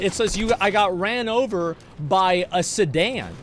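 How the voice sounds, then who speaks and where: A man's voice: high voice, animated, measured pace, slight background noise. Fuming streamer man swearing at his game. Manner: frustrated, profane, argues with chat; bursts of shouting between muttered lines. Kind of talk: live gameplay commentary, talking to chat.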